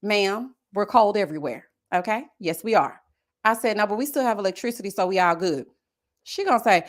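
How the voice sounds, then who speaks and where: A woman's voice: mid-range voice, normal speed. A woman in her thirties with a Southern US accent, hosting a casual livestream, chatting and reading viewer comments. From American South. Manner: chatty and animated, slangy, talks straight to viewers. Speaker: live-stream host. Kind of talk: casual live-stream chat reading comments.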